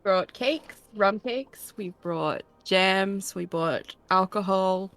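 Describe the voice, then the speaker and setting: A woman playing a tabletop game, speaking softly and tentatively. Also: medium pitch, takes it slowly. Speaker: player.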